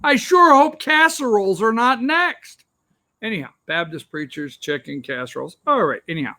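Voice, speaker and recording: A male talk show host with a high, bright voice. He rambles and sneers while giving his opinions, and he talks to his viewers as if they were in the room with him. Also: expressive, moderate pace. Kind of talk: opinionated commentary.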